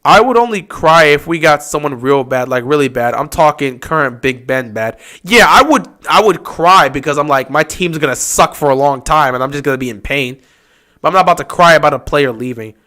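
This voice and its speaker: A man chats loosely through a live football stream, reacting to plays and poking fun at fans. His voice sits high for a man and rings bright and forward. He slips into whiny put-on voices to mock others. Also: a little fast. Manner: animated, mocking with high whiny impressions of upset fans.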